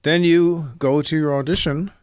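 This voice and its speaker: A man's voice: on the high side, fairly even intonation, moderate pace, darkish tone, smooth, no room sound. A man guest chatting in an easygoing, rambling way about acting, slipping into short acted examples as he goes. His voice is dry and close to the mic, with no room around it. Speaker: actor, guest. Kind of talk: casual talk-show chat.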